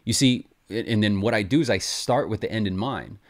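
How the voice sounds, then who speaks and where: A man coaching listeners on sales in a casual, animated talk, acting out sample calls along the way. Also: fairly low pitch, normal speed. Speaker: sales trainer.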